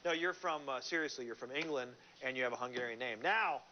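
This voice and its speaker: A man's voice: medium pitch, fast. A man hosting a late-night talk show, joking and rambling with lots of restarts, in a TV studio. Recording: dull lo-fi TV audio with loud noise.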